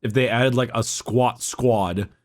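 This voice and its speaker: A man co-hosting a casual lore chat, relaxed and joking, with frequent swearing. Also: mid-range voice, takes it slowly. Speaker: co-host.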